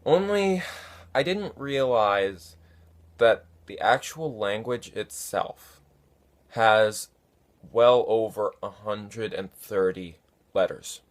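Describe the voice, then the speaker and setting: A man casually answering viewer comments, unhurried and halting, with many fillers. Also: lowish voice, animated. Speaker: fan conlang vlogger answering comments. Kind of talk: casual talk to camera.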